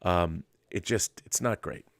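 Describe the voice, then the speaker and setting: Low-voiced rambling man, dry close sound. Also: measured pace, a bit bright, no echo. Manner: rambling, restarts often, drops to a murmur with his dog. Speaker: host. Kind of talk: late-night casual monologue. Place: home studio.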